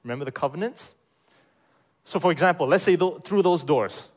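A man's voice: on the high side, fairly quick. Emphatic preacher man, rhetorical questions. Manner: loudness swings sharply between stressed and quiet phrases. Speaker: pastor. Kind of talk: sermon.

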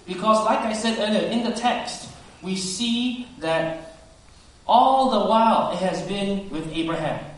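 Preacher in a booming echoey hall. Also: male voice, animated, a little slow. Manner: earnest, swings between loud emphasis and soft hushed asides. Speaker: pastor. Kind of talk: sermon. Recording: very echoey hall, speaker far from mic.

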